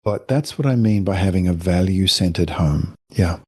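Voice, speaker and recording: Low husky man, gentle and reflective. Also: animated, moderate pace, no room sound, clean studio sound. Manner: reflective, gentle, explains with examples. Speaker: guest, family counselor and author. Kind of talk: podcast interview.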